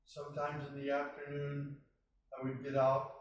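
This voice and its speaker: A man's voice: on the high side, completely flat delivery, moderate pace, slight background noise. Man telling his story in an echoey hall. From United States. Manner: earnest storytelling, acts out quoted dialogue. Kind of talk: personal testimony talk. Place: mosque hall. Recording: very echoey hall, mic at a distance.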